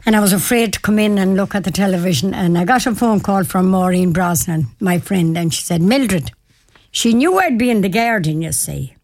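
A woman's voice: medium pitch, moderate pace, dry recording. Older Irish woman with a Mayo accent, chatty storyteller who laughs often, dry close recording. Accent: Irish, County Mayo. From Ireland. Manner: chatty, warm-hearted, repeats herself, laughs often. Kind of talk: casual storytelling.

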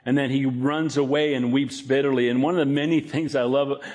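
A man preaching a sermon, animated, acting out scripture quotes in a raised voice. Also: medium pitch, fairly quick. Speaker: pastor.

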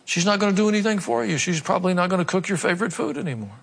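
A pastor preaching a sermon, emphatic and conversational, repeating key phrases. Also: male voice, high-pitched, animated, very fast, creaky, husky. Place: large church hall. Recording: long hall reverb.

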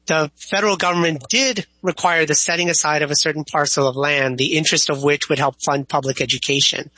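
A man, a history professor, explaining history as an interview guest in a thoughtful, measured way with small restarts. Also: fairly high pitch, pushed and bright, no echo, poor audio.

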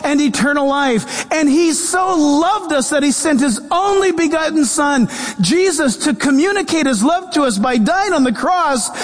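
A man preaching a sermon as pastor, animated and mixing scripture with humorous quoted voices. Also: very high voice. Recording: long reverb of a large hall.

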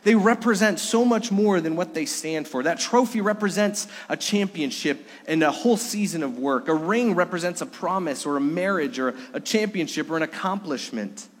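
An earnest male pastor preaches a sermon, weaving in stories and asking his listeners direct questions. His voice sits slightly high for a man, and a long hall reverb trails behind every phrase. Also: moderate pace, few pauses.

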